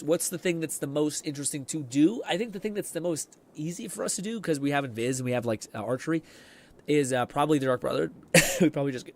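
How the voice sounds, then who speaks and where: A hoarse man casually commenting on a game as he streams it, rambling, swearing freely and reading chat messages aloud. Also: on the high side.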